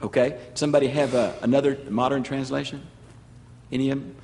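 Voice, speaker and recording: An older man with a Southern US accent teaching a sermon to a congregation, explaining with emphasis and slowing on key phrases. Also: mid-range voice, steady tone, darkish tone, slight background noise. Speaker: pastor and Bible teacher. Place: large church sanctuary. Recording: long hall reverb.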